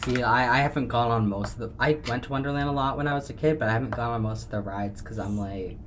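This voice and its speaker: A young woman co-hosting a podcast, blunt and wry, swearing casually in relaxed chat. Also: extremely low pitch, fast talker, background noise. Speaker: podcast co-host.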